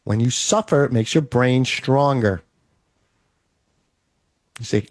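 A man's voice: medium pitch, slow pace, pauses often, no echo, clean studio sound. A man giving an emphatic, repetitive motivational monologue, coaching the listener.

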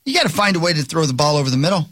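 A man's voice: a little high, very animated, racing, a bit bright, breathy edge, no echo. A man hosting a sports talk show, chatting in a folksy, rambling, plain-spoken way. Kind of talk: casual sports chat.

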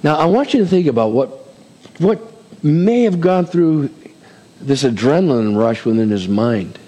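A man preaching a sermon in an animated way, acting out the voices in the scripture he reads. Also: a little high, measured pace. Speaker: pastor. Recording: hall reverb.

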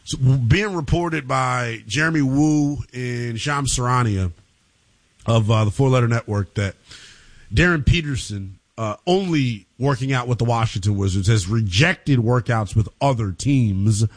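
Radio sports host guy, relaxed, dry studio sound, mid voice. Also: medium pitch, unhurried, dry recording. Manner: easygoing, laughs along with the guest. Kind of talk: sports talk radio hosting.

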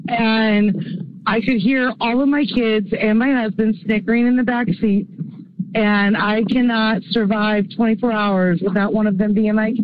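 A woman's voice: a little high, fairly even intonation, measured pace. Giggly woman caller on a dull phone line. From small-town Illinois. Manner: giggly, rambling storyteller. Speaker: caller leaving a voice message. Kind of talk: chatty voicemail story.

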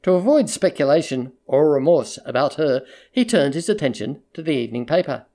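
A measured audiobook narrator reading literary fiction in a steady, mid-pitched voice. The delivery is even and controlled, with a pace that quickens and slows along with the story.

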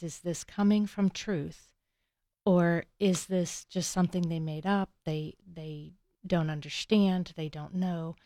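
A woman co-hosting a talk show, giving gentle, measured Christian advice. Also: lowish voice, gravelly, no room sound. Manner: gentle, measured, soft-spoken. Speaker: co-host.

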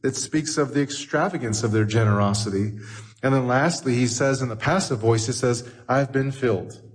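A pastor preaching a sermon in a church, emphatic and repeating phrases for effect. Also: male voice, medium pitch, moderate pace, breathy edge. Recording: long hall reverb.

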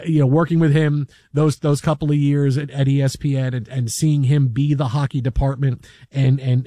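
A man hosting a sports radio show, telling a story in an animated, rambling way full of fillers from a radio studio. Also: mid-range voice, no room sound. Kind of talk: casual storytelling chat.

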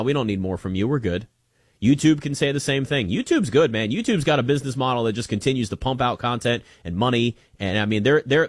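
A man hosting a sports talk show, speaking in an emphatic, conversational way with plenty of restarts. His voice is mid-pitched and recorded close and dry, with no room sound. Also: no room sound. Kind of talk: casual sports commentary.

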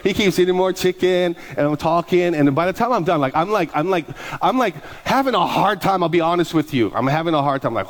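A middle-aged man, a pastor, preaching a sermon through lively personal stories and acting out the people he quotes. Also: fairly high pitch, fast talker. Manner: animated, acts out quoted voices, laughs at his own stories. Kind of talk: sermon storytelling.

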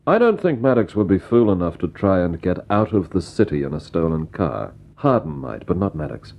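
A reflective investigator narrates and talks things through, his low voice moving expressively. The recording is dull and lo-fi, with faint music underneath. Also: sing-song, normal speed, vocal fry, heavily acted. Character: thoughtful male investigator and narrator. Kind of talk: vintage radio drama narration.

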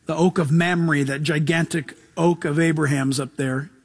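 A man delivers a sermon in a relaxed voice that sits high for a man. He preaches casually and with animation, using everyday slang. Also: normal speed, husky. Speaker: pastor.

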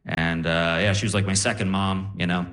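A young man doing a stand-up set on a live stage, telling animated stories and quoting people in voices. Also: sits low, brisk. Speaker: stand-up comedian.

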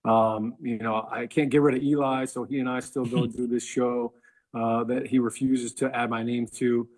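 A man's voice: mid-range voice, normal speed. A man who is a sports broadcaster, telling a casual anecdote with lots of fillers. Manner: animated storyteller, filler-heavy.

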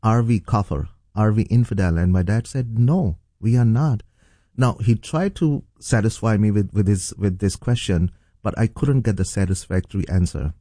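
A middle-aged pastor tells his testimony in an earnest, halting way, full of fillers and restarts. His voice sits low and mellow. The recording is dry, with no room echo. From Pakistan. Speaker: pastor and guest. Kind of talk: telling a personal testimony.

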